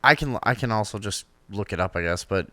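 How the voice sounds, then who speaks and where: Lively joking man, crude banter. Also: on the low side, fairly quick, no echo. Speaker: talk show co-host. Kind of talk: casual joking chat.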